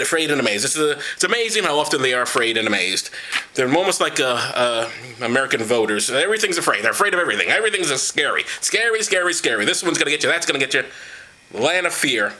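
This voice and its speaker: Here a man with a fairly high, pushed, bright voice turns a Bible reading into comedy. He mocks the text with profane remarks, puts on voices for the quotes, and gestures so much while reading that he knocks things over.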